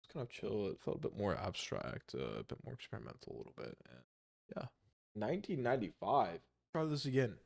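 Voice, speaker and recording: A young man reacts to music in a low, gravelly voice with a relaxed, hesitant ramble and frequent swearing. His talk is close to the mic and completely dry, with no room sound. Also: fairly quick, no echo. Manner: rambling, hesitant, swears often, many restarts. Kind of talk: casual reaction commentary.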